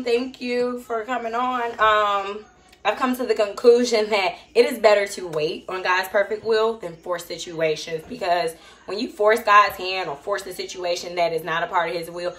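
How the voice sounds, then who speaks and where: A woman's voice: medium pitch, normal speed, a bit bright, slight background noise. A woman hosting a casual cooking stream from a home kitchen, chatting loosely while she cooks and sharing faith-based encouragement. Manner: chatty, preachy, loose and conversational. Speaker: cooking show host.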